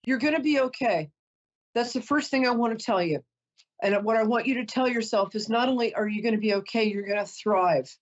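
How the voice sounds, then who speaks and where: A woman's voice: on the high side, a little fast, muffled recording. A woman psychic host doing a reading for a caller, chatty, emotional and apologetic, often close to tears.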